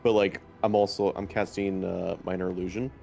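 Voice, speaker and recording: A man's voice: low-pitched, flat delivery, brisk, gravelly, a little mellow, faint music behind. A man playing a tabletop game, rambling and saying "like" a lot. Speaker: player. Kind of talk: casual tabletop play.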